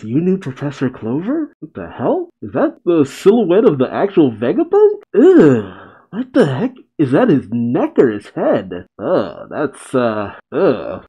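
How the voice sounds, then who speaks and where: Excitable man reacting, lo-fi. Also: mid-range voice. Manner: excitable, reads aloud then comments, chokes up. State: emotional, tearing up. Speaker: reaction video host. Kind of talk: reading and reacting to a manga chapter.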